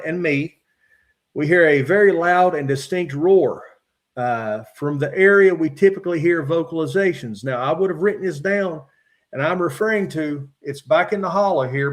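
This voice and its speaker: Middle-aged virginia guy, kinda high voice, reads his notes out matter-of-fact, lots of uh's. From West Virginia. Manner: measured, matter-of-fact retelling with frequent "uh" fillers. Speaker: podcast guest, former state trooper. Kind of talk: recounting personal encounters from notes.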